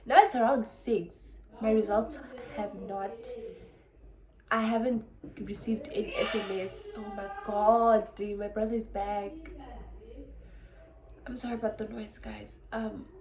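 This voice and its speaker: A young South African woman with a Xhosa background telling a story in a casual vlog, chatty and animated, switching between languages as she talks. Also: mid-range voice, a little slow, roomy sound, crowd noise, poor audio. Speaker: vlogger.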